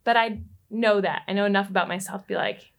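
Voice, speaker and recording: A woman, a relationship coach, telling a personal story as a podcast guest, lively and quick to laugh. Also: medium pitch, vocal fry. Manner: animated, laughs often and acts out quoted lines.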